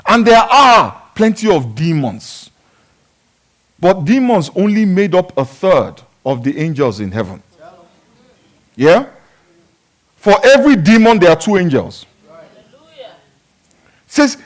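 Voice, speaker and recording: A male pastor preaching a sermon, swinging between shouted exclamations and quiet teaching, and calling on the congregation to respond. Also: high-pitched, sing-song, normal speed.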